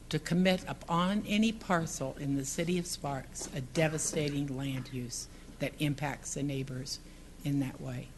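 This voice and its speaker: A woman's voice: low-pitched, slight background noise. A woman giving public comment at a city council meeting, earnest and partly reading from prepared text.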